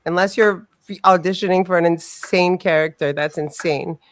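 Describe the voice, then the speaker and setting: A woman co-hosting a casual podcast, telling stories in a rambling, animated way and swearing freely. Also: lowish voice, moderate pace, no echo. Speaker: podcast co-host. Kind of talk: casual storytelling chat.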